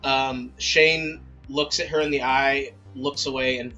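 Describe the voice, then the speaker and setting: A man's voice: medium pitch, fairly even intonation, a little slow, pushed and bright, soft background music. A man playing a tabletop game, casually describing his character's actions. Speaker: player. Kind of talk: tabletop role-play narration.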